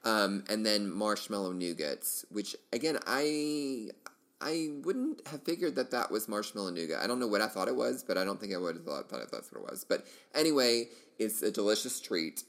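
A man's voice: on the low side, a bit bright. A middle-aged man hosting a solo podcast, chatting casually and enthusiastically, rambling with lots of fillers and restarts. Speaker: podcast host.

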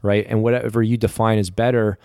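A man's voice: fairly low pitch, little pitch movement, fairly quick, darkish tone, clean tone, dry recording, studio quality. A man in his thirties speaking sincerely and reflectively as an interview guest, with frequent fillers. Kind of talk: casual conversation.

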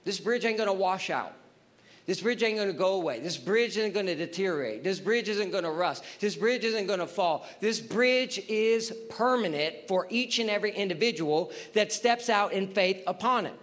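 This preacher's voice sits high, with lively intonation, a moderate pace, and a fairly bright tone. Delivering his sermon with emphasis, he repeats phrases over and over and asks the audience rhetorical questions.

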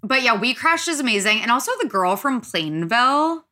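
A young adult woman hosting a podcast in casual chat, talking quickly with lots of fillers and animated asides. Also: a little high. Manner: chatty, filler-heavy, animated. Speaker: podcast host.

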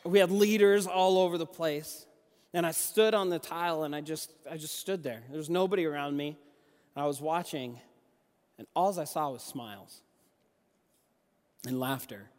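A young adult man giving a sermon, telling conversational personal stories with lively restarts. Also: on the high side, moderate pace, long pauses, in a large hall. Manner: conversational, animated storytelling with restarts. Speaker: youth pastor and junior high basketball coach.

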